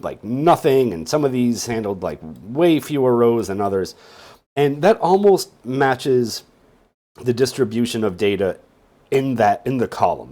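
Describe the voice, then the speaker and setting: A man's voice: mid-range voice, dark tone. A sleepy man teaching a casual screen-share tutorial on databases, rambling along with wry joking asides. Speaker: database instructor.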